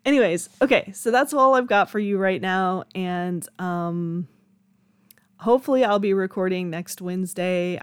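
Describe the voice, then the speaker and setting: A young woman with a slightly low voice talks through her solo podcast in a loose, candid way. She laughs easily and swears casually. The recording is close and dry, with no room sound. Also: clear, resonant tone, no echo. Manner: chatty and candid, swears freely, laughs often. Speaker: podcast host.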